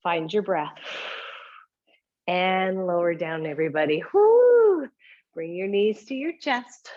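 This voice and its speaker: A woman's voice: on the low side, unhurried, narrow, tinny audio. A woman teaching a home yoga class, giving encouraging cues with a chatty manner and frequent light laughs.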